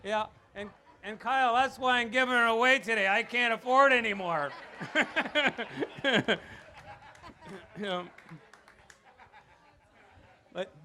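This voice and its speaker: A man giving a rambling father-of-the-bride wedding speech, telling anecdotes with chuckles and getting loud and animated. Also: on the high side, a little hiss or hum. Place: wedding reception.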